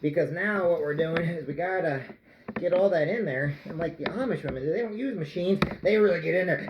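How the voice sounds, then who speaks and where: A man's voice: fairly high pitch, brisk, roomy sound, dull audio, noisy background. A man making bread in his home kitchen, joking around and singing to himself while he kneads the dough. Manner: goofy, playful, jokes and sings while kneading dough. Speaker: home cook. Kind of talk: casual cooking vlog.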